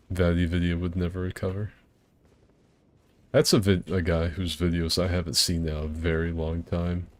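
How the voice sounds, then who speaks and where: Deep-voiced man chatting while gaming. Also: flat delivery, measured pace, long pauses. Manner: laid-back, rambling, swears freely, laughs often. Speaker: streamer playing co-op with friends. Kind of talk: casual gaming chat.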